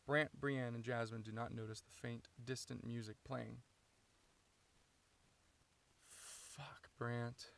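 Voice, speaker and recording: A man's voice: mid-range voice, fairly even intonation, moderate pace, vocal fry, few pauses, a bit bright, slight background noise. Man reading stage directions in a car. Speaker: author reading his own screenplay. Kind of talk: script read-through narration. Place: inside a parked car.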